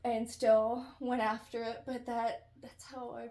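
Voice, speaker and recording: A woman's voice: on the high side, little pitch movement, a little slow, mellow, echoey room. A young woman chatting casually with a friend, laid-back and frank, often giving short agreements. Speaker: guest friend. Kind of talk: casual chat.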